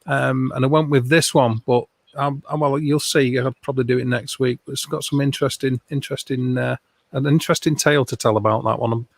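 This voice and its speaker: A man's voice: mid-range voice, brisk, creaky. A man hosting a casual livestream chat and reading out viewer comments. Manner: relaxed, reads out viewer comments. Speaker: host.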